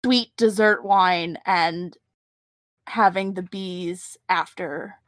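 Woman in a tabletop game, slow easygoing storytelling, dry mic. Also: lowish voice, steady tone, fairly bright tone, no room sound. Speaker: player. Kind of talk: tabletop role-play.

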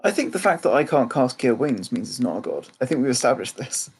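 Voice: medium pitch, very animated, brisk, husky. A player in a tabletop game making wry, joking remarks. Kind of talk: casual tabletop game play.

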